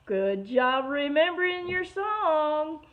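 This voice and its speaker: A woman teacher reading a picture book aloud to children, expressive and stopping to explain words, on a muffled lo-fi recording. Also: high-pitched, slow pace, a little hiss or hum.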